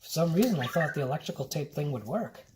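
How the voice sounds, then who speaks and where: A man's voice: a little high, animated, fast talker, noisy background. A man vlogging at a home countertop, coaxing and chatting to a little robot as if it were a pet. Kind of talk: casual vlog, talking to a toy robot.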